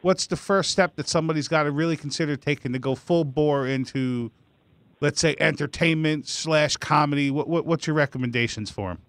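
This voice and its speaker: A man's voice: fairly high pitch, brisk, fairly bright tone, dry recording. A man hosting a podcast in casual chat, asking long rambling questions full of fillers. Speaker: podcast host.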